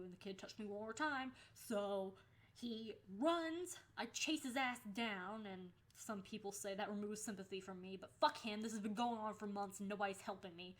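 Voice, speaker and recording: A young adult woman talking casually in a storytime vlog. She is animated, swears freely and acts out the lines people said. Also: medium pitch, normal speed. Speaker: vlogger.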